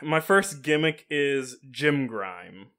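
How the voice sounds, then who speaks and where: A man's voice: mid-range voice, lively intonation, takes it slowly, bright, forceful tone. A man co-hosting a comedy podcast, eager and rambling, often laughing. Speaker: podcast co-host. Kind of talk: improvised comedy chat.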